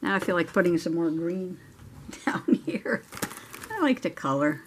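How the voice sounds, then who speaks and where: A woman's voice: fairly low pitch, animated, unhurried, slight background noise. A middle-aged woman hosting a journaling video, telling a chatty story while she colors, laughing often. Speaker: journaling channel host. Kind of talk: casual crafting chat while coloring.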